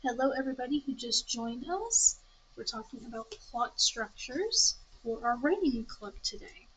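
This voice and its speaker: A woman's voice: on the high side, lively intonation, normal speed, a bit bright, husky, rough recording. A young woman leading a writing club, explaining story structure in a casual, chatty way and stopping now and then to correct herself. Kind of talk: casual teaching to a group. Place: public library meeting room.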